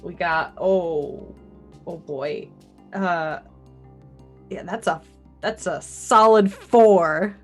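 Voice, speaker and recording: A woman's voice: lowish voice, very slow, pauses often, soft background music. A woman playing a tabletop game, casually describing her character's actions in the third person.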